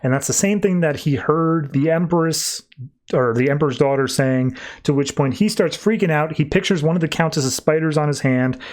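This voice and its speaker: A man on a podcast casually walks through a comic issue's plot, his voice sitting a bit higher than most men's. He talks in a loose, chatty way and leans on "like" as he retells each scene. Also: normal speed, darkish tone. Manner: chatty, heavy use of "like" when retelling. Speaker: podcast co-host.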